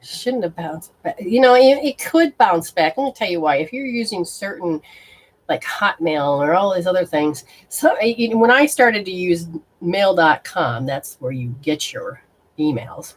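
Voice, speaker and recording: Woman host, lower pitch, spiritual reader on a live stream: blunt, exclamatory, unfiltered. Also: lively intonation, unhurried. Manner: blunt and exclamatory, swearing, reacting aloud to sensations. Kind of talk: casual live-stream talk with viewers.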